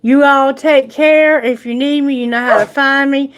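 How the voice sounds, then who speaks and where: A woman's voice: sits high, fairly even intonation, normal speed. A woman reading tarot on a live stream, chatting casually and affectionately in a rambling way. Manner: affectionate, rambling, baby talk to pets. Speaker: tarot reader.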